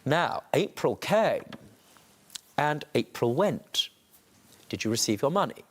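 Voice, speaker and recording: A man presides as a TV courtroom judge. He questions in a stern, scolding and theatrical manner, and his pitch rises and falls expressively. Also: very animated, slow pace, fairly bright tone.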